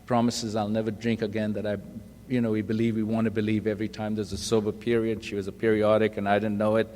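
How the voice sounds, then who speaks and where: A man's voice: lowish voice, completely flat delivery, fast talker, darkish tone, slight background noise. Self-mocking male speaker sharing his story at a meeting, recorded live with hall echo. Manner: self-deprecating storyteller, acts out quoted voices. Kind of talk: humorous personal testimony. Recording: live talk in a reverberant hall.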